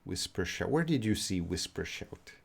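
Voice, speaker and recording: A man's voice: low-pitched, sing-song, moderate pace, creaky, husky. A man with a Canadian accent, an English teacher answering chat questions in a live-stream lesson, explaining patiently in simple words.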